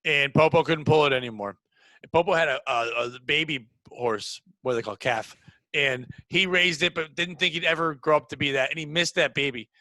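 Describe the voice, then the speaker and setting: A man with a high voice hosts a loose comedy podcast. He riffs excitedly and breaks into loud bits. His voice is bright and edgy, recorded close and dry. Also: fairly quick, no echo, low-quality recording. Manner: excitable, riffing, bursts into shouted bits. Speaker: podcast host. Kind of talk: casual comedy podcast banter.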